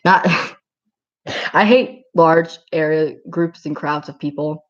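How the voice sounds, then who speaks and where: A woman's voice: sits low, slow, muffled recording. A woman chatting casually on a livestream and reading out comments, rambling and giggling with lots of filler words.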